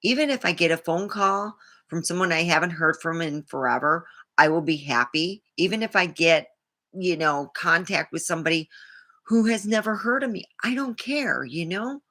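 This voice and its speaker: A woman's voice: on the low side, animated, moderate pace, pushed and bright. A woman vlogger talking in a rambling, indignant way, swearing freely as she tells a personal story. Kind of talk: casual monologue to camera.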